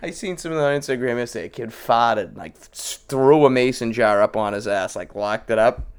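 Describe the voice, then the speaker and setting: A man co-hosting a podcast in casual chat, profane and quick, telling crude stories and laughing often. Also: medium pitch, clean tone. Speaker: podcast co-host.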